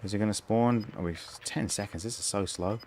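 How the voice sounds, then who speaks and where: A man's voice: lowish voice, fairly quick, darkish tone. A young man giving casual, wry, rambling commentary while streaming a game. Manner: wry, rambling, self-amused. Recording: game sounds and noise behind.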